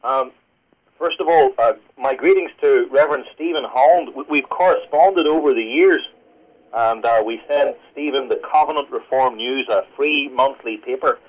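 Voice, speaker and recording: Man, pastor from Northern Ireland, fast earnest teaching tone, middle pitch, dull lo-fi radio sound. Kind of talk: radio interview guest. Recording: lo-fi radio broadcast.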